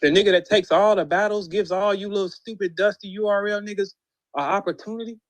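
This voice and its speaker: Heated man going off about battle rap, cussing a lot, kinda high voice, dead dry sound. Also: fairly even intonation, fast, no room sound. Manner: profane, incredulous, mocking, shouts quoted lines. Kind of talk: heated ranting monologue.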